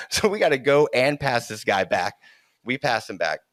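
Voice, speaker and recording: A middle-aged man telling a childhood story in casual conversation, animated and laughing often, restarting his sentences as he goes. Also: medium pitch, unhurried, no echo, studio quality.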